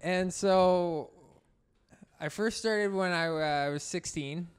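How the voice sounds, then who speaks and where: A man in his late thirties, co-hosting a casual podcast chat, rambling and laid-back with sudden loud bursts when joking. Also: high voice, slow, clear, resonant tone. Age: 30s. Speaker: podcast co-host.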